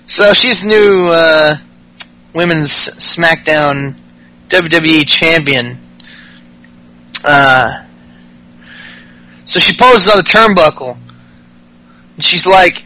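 A man's voice: a little high, extremely slow, pauses often, sharp tone, no room sound, rough recording. A man hosting a podcast, recapping wrestling in casual, profane chat with frequent laughs. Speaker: podcast host.

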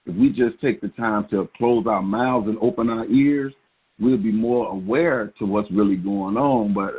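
A man's voice: on the low side, normal speed, breathy edge. A middle-aged man co-hosting a call-in poetry show, talking in a laid-back, encouraging, slangy way. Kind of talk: casual call-in radio chat. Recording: phone-line call-in audio.

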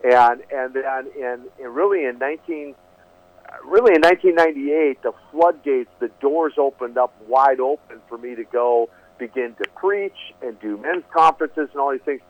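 A man's voice: medium pitch, normal speed. An earnest man recounts his testimony as an interview guest, circling back and repeating words as he finds his thread. He sounds thin and tinny, like he is calling in on a phone line. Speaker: guest, preacher. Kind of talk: storytelling testimony.

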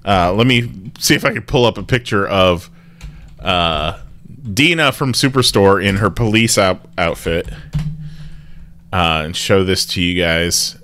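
A man's voice: low voice, unhurried, sharp tone, slight background noise. A man hosting a podcast in casual chat, rambling with restarts and laughing often. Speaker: podcast host.

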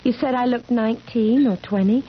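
A woman's voice: a little high, normal speed, natural voice. An actress playing an ageless young woman in a radio drama, earnest and insistent. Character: young woman who never ages, earnest and haunted. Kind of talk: 1970s radio drama acting. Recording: dull lo-fi radio broadcast.

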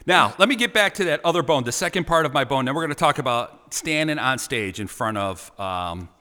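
A man hosting a talk show, teasing his guest in a playful, animated way. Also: mid-range voice, fairly quick, long reverb tail. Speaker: radio show host.

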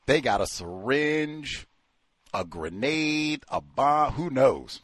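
A man's voice: medium pitch, very animated, takes it slowly, fairly bright tone, no echo. A man hosting a call-in show, talking casually and animatedly, acting out the voices of people he quotes. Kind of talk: casual radio talk.

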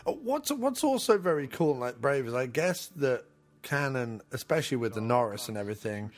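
A man's voice: medium pitch, animated, a little fast. A man co-hosting a podcast, giving casual movie commentary in a mocking, joking manner and slipping into silly impressions. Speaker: podcast co-host.

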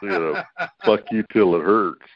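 A man's voice: on the low side, very animated, a little slow, vocal fry. A man in casual chat who answers with short, stunned reactions, in a dull lo-fi recording. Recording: dull lo-fi sound.

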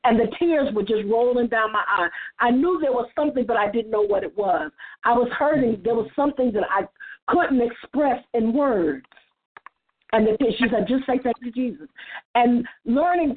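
A woman's voice: on the high side, slightly rough. A woman on a church roundtable sharing testimony in an earnest, casual way, often repeating words as she starts a thought. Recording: tinny phone-like line.

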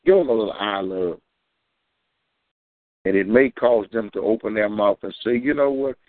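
A man preaching and telling a personal testimony on a community call, fervent, with sudden high bursts when he quotes himself. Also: moderate pace, no echo. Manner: fervent storytelling, climbing high for quoted shouts. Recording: tinny phone line.

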